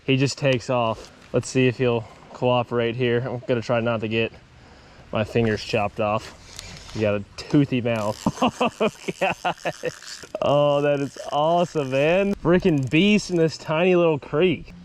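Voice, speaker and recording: A young man hosting an outdoor fishing vlog by a small creek, excitable and quick to laugh, calling out catches as they happen. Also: mid-range voice. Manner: excitable, laughs often, says dude. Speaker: fishing channel host.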